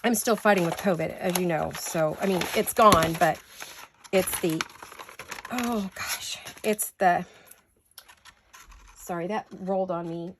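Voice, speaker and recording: A woman's voice: lowish voice, unhurried, pauses often, background noise. A tired, slightly breathless woman chatting casually through a home craft tutorial, rambling and losing her words. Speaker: craft vlogger.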